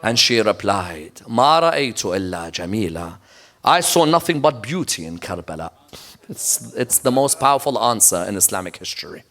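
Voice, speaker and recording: A man with a medium-pitched, slightly bright voice delivers a sermon at a mosque lecture. He tells the story emphatically, pausing to engage listeners with rhetorical questions.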